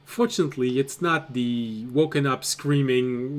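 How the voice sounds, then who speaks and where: A man's voice: mid-range voice, normal speed. A man running a tabletop game as game master, narrating the scene and laughing often. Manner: laughs often, chatty and relaxed.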